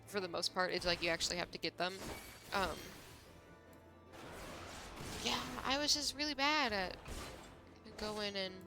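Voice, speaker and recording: A woman's voice: medium pitch, unhurried, long pauses, over music. A young woman streaming a game, chatting casually in a rambling way full of fillers. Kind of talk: casual gameplay chat.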